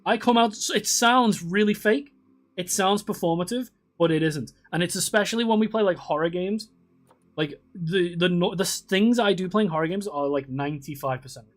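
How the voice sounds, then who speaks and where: A man's voice: high voice, moderate pace. A man streaming a zoo-building game, chatting casually with viewers in a rambling way, restarting sentences and swearing often. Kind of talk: casual live-stream chat.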